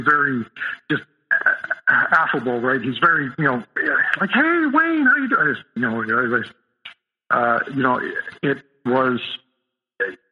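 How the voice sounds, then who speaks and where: A man as a podcast guest, telling a personal story in a halting way, with many restarts and fillers. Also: medium pitch, muffled recording.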